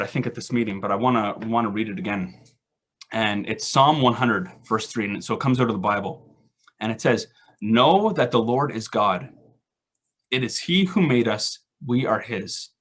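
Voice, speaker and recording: A man's voice: medium pitch, a bit bright, breathy edge. A man giving a casual, self-deprecating faith reflection at an online recovery meeting, full of rhetorical questions.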